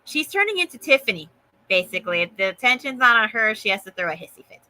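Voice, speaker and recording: A woman's voice: fairly high pitch, sing-song, fast, bright, forceful tone, no echo, poor audio. A woman co-hosting a casual chat, sassy and emphatic. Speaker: co-host.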